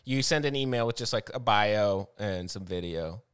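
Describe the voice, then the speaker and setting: A man who is a comedian, chatting casually, laughing often and swearing as he tells animated stories. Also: fairly low pitch, normal speed, clean tone. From Arizona. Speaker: comedian podcast host. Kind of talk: casual chat.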